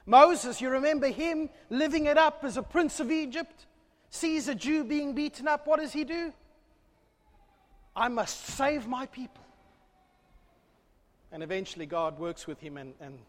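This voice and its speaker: A man preaching a sermon, swinging between loud, fervent calls and hushed, low asides. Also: measured pace, pauses often. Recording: long hall reverb.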